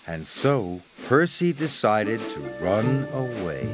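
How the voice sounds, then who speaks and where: A man narrating a children's story in a gentle, expressive storyteller manner. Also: medium pitch, measured pace. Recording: narration over music score.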